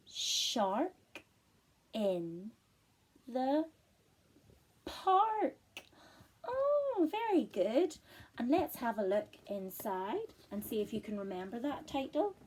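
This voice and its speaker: A woman teacher reading a picture book aloud to children, expressive and encouraging, asking them to read along and spot rhymes. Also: medium pitch, slightly rough. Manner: expressive, encouraging, asks the listener to join in. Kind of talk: read-aloud storytime lesson.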